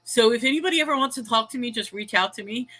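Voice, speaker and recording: A middle-aged woman who hosts livestreams and runs a small online shop talks fast in a high, sharp voice on a low-quality recording. In her casual, confessional rant she rambles, puts herself down, reads viewer chat aloud, and laughs often between thoughts.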